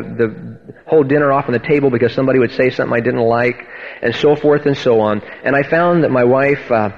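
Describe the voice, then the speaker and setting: A man preaching and telling his own testimony, earnest and emphatic, often restarting his words. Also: medium pitch. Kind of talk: sermon with personal testimony. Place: church hall. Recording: dull, echoey church hall, radio-style.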